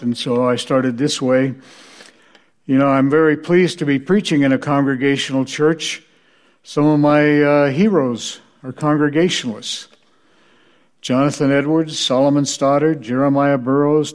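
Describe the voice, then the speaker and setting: A male preacher giving a church history lecture, telling anecdotes with dry humor. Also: mid-range voice. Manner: dry, wry storytelling.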